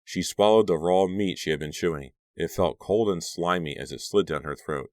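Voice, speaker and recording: A man reading a horror audiobook aloud in a steady storytelling manner, close to the mic. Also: extremely low pitch, moderate pace, few pauses, no room sound. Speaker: audiobook narrator. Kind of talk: scripted narration.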